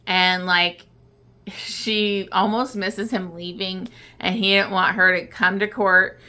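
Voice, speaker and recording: A woman's voice: medium pitch, flat delivery, slow, pushed and bright. A woman book vlogger casually retelling a novel's plot, rambling with many fillers and crying as she talks.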